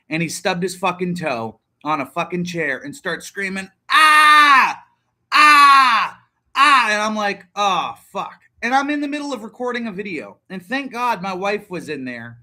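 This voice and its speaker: Male host, 30s, casual stream talker, profane and rambling, bright voice. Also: sits high, big pitch swings, normal speed. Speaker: livestream host. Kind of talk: casual livestream chat.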